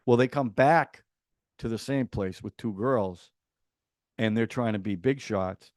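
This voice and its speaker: A man's voice: on the low side, no echo. Chatty man retelling scenes, dry sound. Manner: chatty, animated retelling with quick asides and laughs. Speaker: podcast host reviewing a TV series. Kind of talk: casual spoken review.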